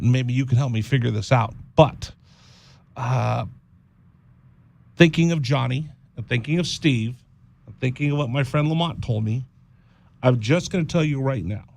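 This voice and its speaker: Gravelly-voiced male radio host, halting and heartfelt. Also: mid-range voice, darkish tone. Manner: halting, repeats words, heartfelt. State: teary-eyed. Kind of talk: emotional radio monologue.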